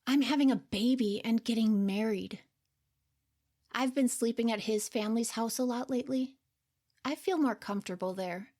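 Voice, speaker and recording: A woman narrating her own story in the first person, quiet, unsure and earnest. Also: a little high, moderate pace. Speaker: podcast storyteller.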